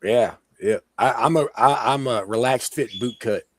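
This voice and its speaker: A man with a hoarse, sick voice, rambling casually as a co-host on a live-streamed talk show. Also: mid-range voice, moderate pace, dry recording. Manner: rambling, chatty, many "like" fillers and laughs. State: hoarse, sick with sore throat. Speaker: podcast co-host.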